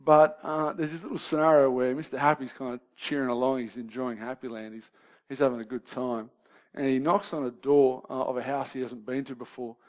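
Briskly and in a mid-range voice, a man preaches a conversational sermon, frequently checking in with his listeners. He moves from lively banter to soft, grave questions.

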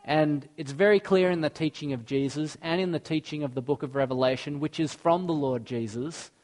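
A man's voice: on the high side, a little fast, a little mellow. A man, preaching a sermon earnestly and mixing in personal stories. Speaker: pastor.

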